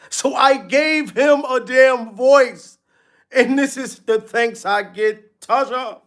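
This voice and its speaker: A man's voice: very high-pitched, takes it slowly. A man hosting a gossip commentary vlog, dramatic and talking straight to his viewers. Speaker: commentary channel host.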